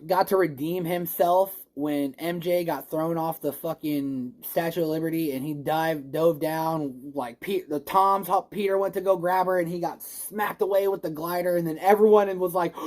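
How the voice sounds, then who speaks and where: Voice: medium pitch, normal speed, few pauses. A movie reviewer in a casual spoiler review vlog who says they are a little stoned. They ramble and gush, swear freely and restart sentences often. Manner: rambling, gushing, swears a lot; excitable, emotional, restarts often.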